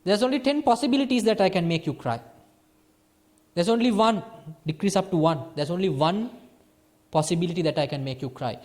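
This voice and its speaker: A soft-spoken Buddhist monk from Sri Lanka gives a dharma talk to a small group. His male voice is high and a little fast, with long pauses. He teaches in a lively way, swinging between soft and emphatic.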